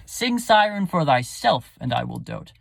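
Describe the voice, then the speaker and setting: A man's voice: a little high, very animated, a little slow, creaky, fairly bright tone, no echo, exaggerated voice. A man reciting as a lovestruck young man, pleading earnestly in a Shakespeare recitation.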